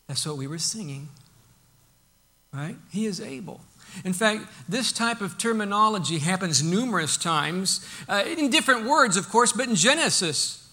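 A male preacher with a high-pitched, bright voice delivers a sermon. He swings between loud, emphatic bursts and quiet, intimate lines, acting out the Bible quotes as he goes. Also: animated, moderate pace.

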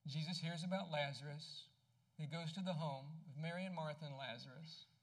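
A man preaching a sermon in a conversational way, asking his congregation questions and dropping soft and low when he tells personal stories. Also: fairly quick. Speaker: pastor.

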